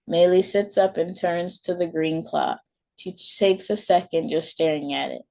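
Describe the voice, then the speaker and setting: A woman reading her own short story aloud in a calm, soft manner. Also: on the low side, unhurried, creaky. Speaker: author and storyteller.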